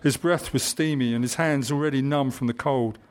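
A man reading a historical adventure novel aloud in measured audiobook narration. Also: medium pitch, steady tone.

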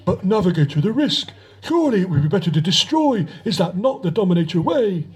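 A man voicing a brutish, sullen male alien underling with low, rumbling, insincere deference. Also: very animated, brisk, breathy edge, heavily acted. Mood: pleading.

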